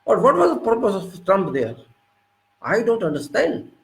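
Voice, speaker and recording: A man's voice: high-pitched, wildly swooping pitch, normal speed, gravelly, roomy sound, low-quality recording. A man with an Indian English accent giving an indignant political monologue, lecturing with repeated rhetorical questions. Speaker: political commentator.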